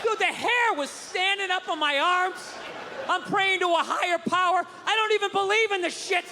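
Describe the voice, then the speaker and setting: A man doing stand-up comedy, ranting loudly with profanity and shouted punchlines, on a stage before a live audience. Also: extremely high pitch, normal speed, long reverb tail. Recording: live club with crowd laughter and noise.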